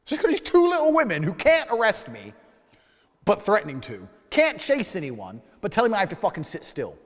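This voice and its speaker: Ranting, profane man with lively pitch. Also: fairly quick, big-room sound. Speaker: storyteller. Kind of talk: heated anecdote.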